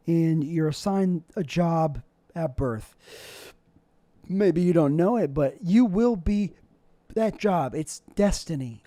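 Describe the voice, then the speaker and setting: A man's voice: high voice, warm tone, no room sound. A young man hosting a solo podcast, rambling through a loose, self-deprecating monologue with jokey asides. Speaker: podcast host.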